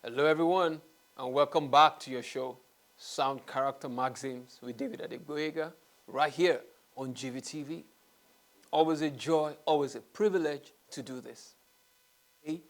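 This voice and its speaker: A man's voice: a little high, normal speed. A man hosting a talk show, delivering an earnest monologue that repeats its key phrases and sinks to a whisper for emphasis. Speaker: host.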